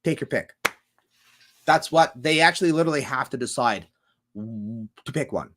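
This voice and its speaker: A man's voice: mid-range voice, expressive, moderate pace, background noise. A man hosting a casual livestream, reading out chat comments and riffing on them in a rambling, profane way.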